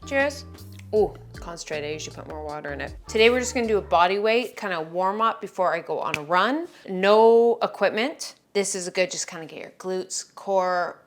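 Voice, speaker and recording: A woman's voice: fairly low pitch, expressive, a little fast, faint music behind. Breezy, chatty young woman fitness vlogger. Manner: breezy and chatty, with many "like" fillers. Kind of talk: casual workout vlog narration.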